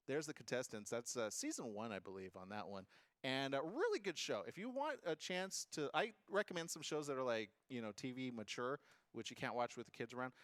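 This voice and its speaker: Lively, chatty male talk-show host. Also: medium pitch, no room sound, studio quality. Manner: animated, chatty, jokey asides and puns. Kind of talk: casual talk-show chat.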